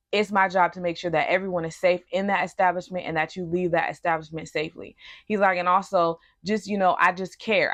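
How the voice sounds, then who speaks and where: A woman's voice: lowish voice, no echo. A young woman telling a personal story in a storytime vlog, earnest and emphatic. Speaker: vlogger.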